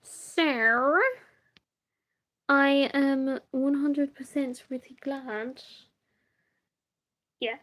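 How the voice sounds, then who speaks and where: A woman's voice: sits high, fairly even intonation, very slow, pauses often, a bit bright. A young woman streaming live, chatting casually and rambling, often laughing. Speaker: livestreamer. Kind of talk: casual livestream chat.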